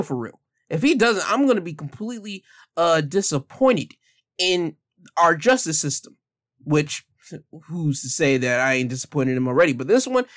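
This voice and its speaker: This is a man ranting his opinions straight at the listener. He is blunt and heated and hits each point with emphasis. His voice sits somewhat high and sounds close and dry. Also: a bit bright, dry recording. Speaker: commentator. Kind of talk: casual opinion rant.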